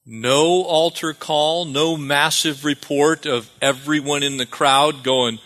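A man's voice: a little high, unhurried, few pauses, sharp tone. A man preaching a sermon as pastor, calling for amens and repeating phrases for emphasis. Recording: long reverb of a hall.

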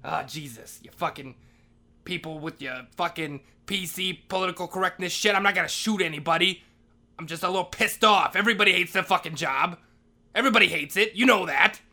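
A man's voice: on the high side, sharp tone. A man playing a grumpy school janitor in a comedy monologue, swearing constantly as he rants and grumbles. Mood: grumbling. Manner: profane, ranting, swears constantly. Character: foul-mouthed grumpy male school janitor, always ranting.

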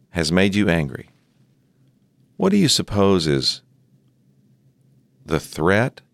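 A middle-aged man giving a measured teaching talk on pastoral care, sometimes acting out sample dialogue. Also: low voice, a bit bright, no room sound, studio quality. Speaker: seminary leader teaching on ministry.

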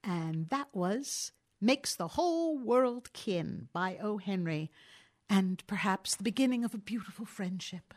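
A woman narrating and introducing classic stories in an expressive storytelling style. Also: medium pitch, a little slow. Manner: expressive, lively. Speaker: reader, narrator.

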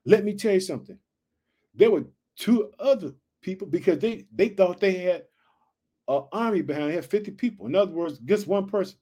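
A man preaching with high energy, reading Bible verses aloud and riffing on them, repeating his catchphrases and questions to listeners. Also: lively intonation, a little fast, warm tone. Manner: reads verses aloud then riffs on them. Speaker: preacher teaching scripture.

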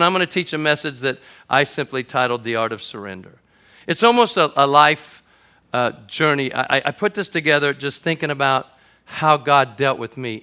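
A middle-aged man, a pastor, preaching to a congregation and telling a comic story that builds to shouts at its climax. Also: on the high side. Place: church auditorium before a congregation.

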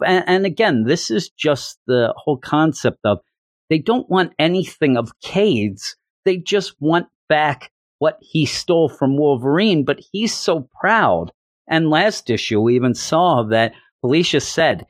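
A man's voice: medium pitch, expressive, measured pace, no room sound, studio quality. A middle-aged man casually and enthusiastically recapping a story, rambling, repeating words and acting out the dialogue. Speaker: comic book reviewer.

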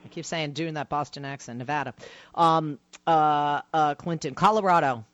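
A woman hosting a radio talk show, questioning her guest in a brisk, rapid-fire way. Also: low-pitched, steady tone, dry recording, highs cut off. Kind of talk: radio interview.

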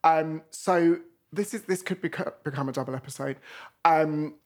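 A woman's voice: deep voice, moderate pace, darkish tone. A woman hosting a podcast, reading a short intro and bantering with her guest. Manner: reads an intro, then banters. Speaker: podcast host. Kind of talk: casual chat.

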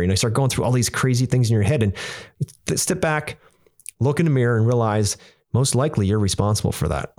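A man's voice: lowish voice, a little fast, darkish tone. A man hosting a casual podcast, earnestly coaching listeners and talking straight to them. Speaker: podcast host.

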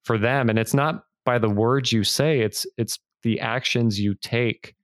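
A man hosting a podcast interview, responding in an appreciative, measured way. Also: mid-range voice, no room sound, studio quality. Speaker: podcast host. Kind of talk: interview conversation.

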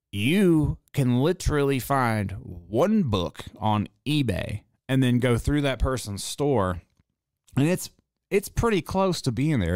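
A man who runs a tattoo shop, hosting a casual monologue and telling a story in a profane, animated way. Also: mid-range voice, no room sound, studio quality. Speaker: podcast host.

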